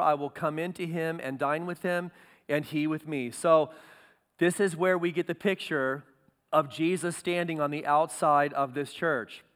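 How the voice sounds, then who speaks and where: A man's voice: on the high side, fairly bright tone, smooth, big-room sound. A man preaching a sermon as pastor, earnest and building to emphatic peaks.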